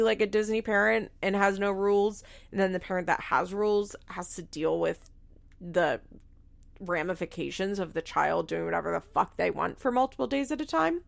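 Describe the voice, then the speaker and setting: A woman's voice: medium pitch, gravelly. A young woman giving frank, casual commentary on a reality show, swearing freely and filling her talk with "like". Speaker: reality TV recap host.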